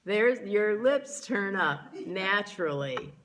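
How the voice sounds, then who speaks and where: A woman's voice: mid-range voice, expressive, slow pace, crowd noise. A woman minister delivering a sermon in a church, speaking to the congregation and drawing out key words for emphasis. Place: church sanctuary.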